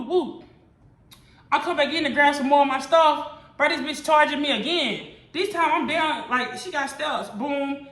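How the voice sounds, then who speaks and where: A woman's voice: sits high, bright, forceful tone, reverberant. A woman vlogger telling a personal story to camera in an emphatic, profane, slangy way. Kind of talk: storytime monologue.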